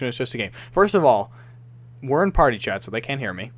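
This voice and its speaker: A young man on a casual gaming podcast, worked up and venting. He swears freely and slips into mocking impressions of people who annoyed him. His voice sits in an ordinary middle pitch. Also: sing-song, a little fast, a bit bright. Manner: frustrated, ranting, swears a lot, mimics others. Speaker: podcast co-host.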